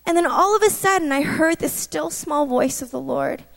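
A woman's voice: high voice, normal speed, gravelly, long reverb tail. A woman giving a conversational sermon testimony, personal and emphatic, with frequent asides to her listeners. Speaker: preacher sharing a testimony.

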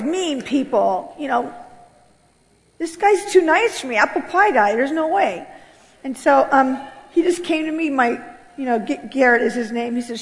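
A woman from California giving an emotional personal testimony, swinging between loud outbursts and hushed, low passages. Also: lively intonation, normal speed. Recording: long hall reverb.

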